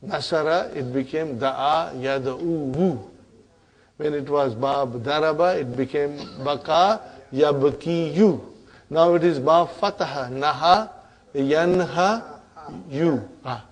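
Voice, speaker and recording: Slow, drilling Arabic grammar teacher. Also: male voice, on the high side. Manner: drills conjugations aloud, checks with "huh?" and "brother". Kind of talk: classroom grammar lesson.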